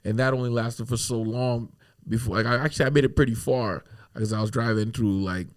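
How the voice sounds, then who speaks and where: A man telling a story on a podcast, relaxed and animated. He laughs at his own lines often and swears without a second thought. His voice sits at an ordinary middle pitch. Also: a little fast. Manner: swears freely. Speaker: podcast guest. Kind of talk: casual storytelling.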